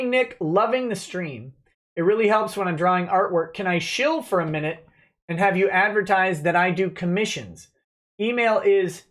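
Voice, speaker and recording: A man hosting a relaxed livestream, reading viewer messages aloud and answering them offhandedly. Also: high voice. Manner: reads donor messages aloud, chatty and offhand. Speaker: livestream host reading chat. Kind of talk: relaxed live-stream chat.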